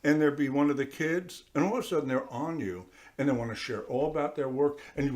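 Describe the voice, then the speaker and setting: This church sermon comes from a priest with a mid-range voice who talks fairly quickly and hardly pauses. It's conversational and animated, aimed right at the congregation, with small voices acted out as he goes.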